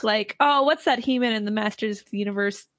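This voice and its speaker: A woman co-hosting a podcast in casual chat, playful and quick to laugh. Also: mid-range voice, a bit bright, no room sound. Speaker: podcast co-host.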